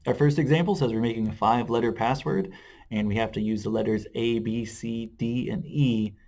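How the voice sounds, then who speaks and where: A man explaining math in a video lesson, relaxed, with frequent "uh" fillers. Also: fairly low pitch, creaky. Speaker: math teacher.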